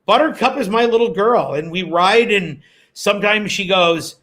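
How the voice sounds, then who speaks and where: A man's voice: high-pitched, unhurried. A man, a former radio host and guest, telling stories in a casual interview, acting out quotes as he goes. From Canada. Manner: animated storyteller, acts out quotes.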